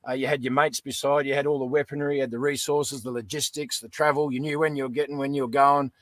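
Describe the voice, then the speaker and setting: A man's voice: mid-range voice, little pitch movement, fast, a bit bright, dry recording. A middle-aged Australian man, a veteran guest in a casual interview, talking bluntly and calling everyone "mate". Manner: blunt, folksy, peppered with "mate".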